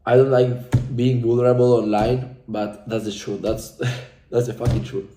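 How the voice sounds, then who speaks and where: A man's voice: medium pitch, little pitch movement, a little slow, mellow, a little hiss or hum. Intense young man, roomy echo. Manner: intense, profane, repetitive, speaks from the heart. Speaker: coaching client giving a testimonial. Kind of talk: emotional motivational testimonial. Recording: echoey room.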